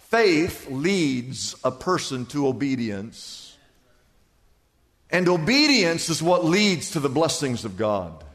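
This pastor's voice is high and fairly bright, echoing with long church-hall reverb through the sanctuary. He preaches conversationally yet emphatically, repeating himself a great deal.

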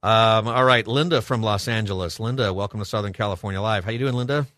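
A man hosting a call-in radio show, thinking aloud and halting with ums and restarts. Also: on the low side, a bit bright, no room sound, studio quality.

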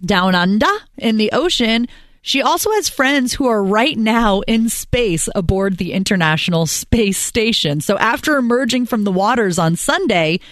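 A woman co-hosting a casual show, telling a news story with playful asides and animated storytelling. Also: a little high, dry recording, studio quality. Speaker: co-host. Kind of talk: casual radio show banter.

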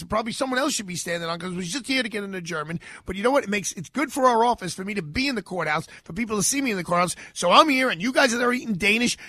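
A man's voice: sits high, dry recording. A middle-aged man, hosting a talk radio show and telling a story while acting out the voices he quotes. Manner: animated, acts out quoted voices.

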